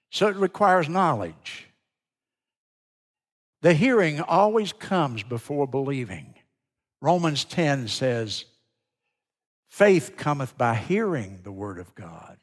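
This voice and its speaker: A man preaching a sermon, telling folksy stories and swinging from loud to hushed. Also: a little high. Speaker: pastor. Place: large church sanctuary. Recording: long church reverb.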